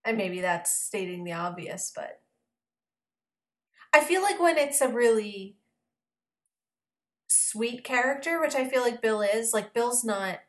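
A woman's voice: a little high, expressive, a little slow, pauses often. A woman co-hosting a casual discussion, thinking aloud and hedging her points. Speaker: podcast co-host.

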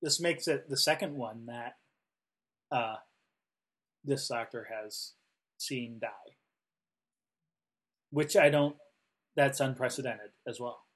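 A man's voice: mid-range voice, slow pace, pauses often, a bit bright, breathy edge. A man co-hosting a casual discussion, talking with many fillers and restarts. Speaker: podcast co-host.

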